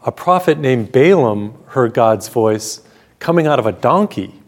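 A man, a Catholic priest hosting a television program, preaching a sermon with stories and slowing down to read scripture. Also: medium pitch. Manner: warm storytelling preacher, slows down for scripture.

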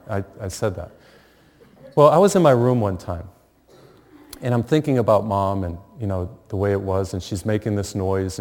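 A middle-aged man preaching a sermon, telling a funny family story with lively pauses and warmth of humor. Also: lowish voice. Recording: long hall reverb.

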